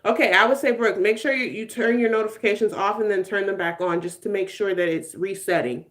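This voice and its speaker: A woman's voice: mid-range voice, brisk, fairly bright tone. A woman in her twenties hosting a casual live stream, chatting with viewers in a playful way, laughing often and dropping slangy asides.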